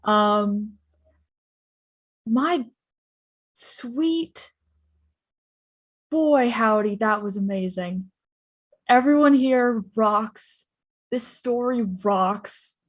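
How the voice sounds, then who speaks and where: A woman player on a live tabletop stream, emotional and near tears, rambling excitedly with jokes and swearing. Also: on the high side, drawn-out words, pauses often. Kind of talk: casual closing thanks on a live stream.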